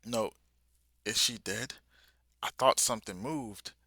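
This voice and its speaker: A man's voice: lowish voice, steady tone, slow pace, vocal fry, bright, forceful tone, husky, dry recording, studio quality, heavily acted. A man voicing a bewildered teenage boy in a plain reading voice, barely changed from his own. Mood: confused.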